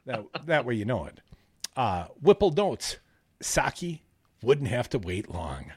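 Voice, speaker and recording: A man co-hosting a casual news chat, reading out stories and adding animated, jokey asides. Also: mid-range voice, measured pace, husky, dry recording, studio quality. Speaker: podcast co-host.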